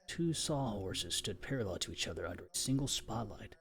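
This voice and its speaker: A man's voice: lowish voice, lively intonation, brisk, vocal fry, a bit bright. Man reading a novel on stream. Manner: stumbles over words and breaks off with offhand asides. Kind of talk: live-stream read-aloud.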